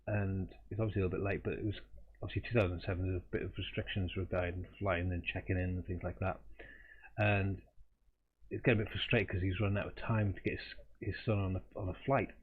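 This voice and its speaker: Low-voiced man telling rambling art stories. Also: little pitch movement, fast talker, husky. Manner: rambling, chuckling, restarts mid-sentence. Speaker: artist hosting a live drawing stream. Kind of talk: casual anecdotal storytelling. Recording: tinny phone-like audio.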